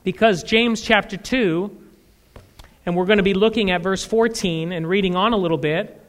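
A male pastor preaching a sermon with lively delivery, his voice jumping high and loud when he acts out the voices of churchgoers. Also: normal speed. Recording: echoey hall with long reverb.

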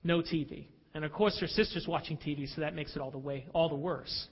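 A man preaching a sermon, animated and dramatic as he tells stories to a church. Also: on the high side, a little fast, vocal fry, breathy edge. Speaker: pastor. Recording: dull audio with long hall reverb.

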